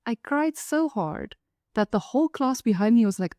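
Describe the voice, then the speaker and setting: A woman from Africa, telling a personal story in a wry, lively way. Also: fairly high pitch, normal speed, dry recording. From South Africa. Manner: lively, wry, acts out the people in her stories. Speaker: author and storyteller.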